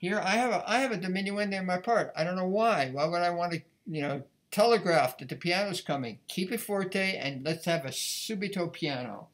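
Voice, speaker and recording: A man's voice: high voice, expressive, a little fast, hardly any pauses, a bit bright, soft background music. A man giving a violin lesson, talking casually and thinking aloud between passages. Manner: conversational, thinking aloud as he plays. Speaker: violin teacher. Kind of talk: music lesson. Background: faint violin playing.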